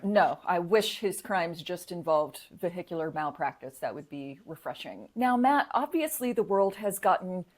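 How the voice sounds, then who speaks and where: A woman co-hosting a podcast, chatting in a sarcastic, animated way and laughing often. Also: lowish voice, moderate pace, few pauses. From United States. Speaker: podcast co-host. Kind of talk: casual political comedy chat.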